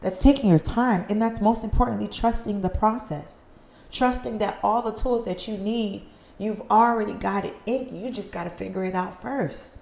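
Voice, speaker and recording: A woman's voice: mid-range voice, fairly even intonation, moderate pace, creaky, darkish tone, roomy sound. Earnest woman preaching self-acceptance. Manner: earnest, preachy, acts out little scenes. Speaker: podcast host. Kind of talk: motivational talk. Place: living room at home. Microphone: studio mic.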